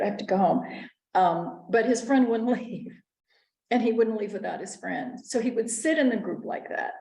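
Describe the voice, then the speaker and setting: Woman speaker with a gravelly voice. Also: lowish voice, a little mellow, reverberant, rough recording. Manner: earnest, narrates personal stories with small restarts. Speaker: conference speaker. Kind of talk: storytelling lecture.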